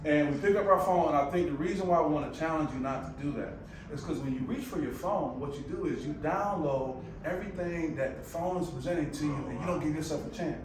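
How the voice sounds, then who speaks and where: A man with a Michigan accent giving a motivational talk to a live audience, telling stories in a conversational, animated way with asides to the crowd. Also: on the high side, fast, noisy background. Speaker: speaker presenting to a live audience. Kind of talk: motivational presentation. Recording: echoey room, voice from far off.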